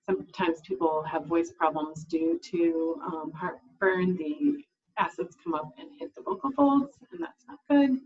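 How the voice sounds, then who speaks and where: A woman's voice: medium pitch, highs cut off. A woman speech language pathologist giving an explanatory talk to camera, with frequent fillers and restarts.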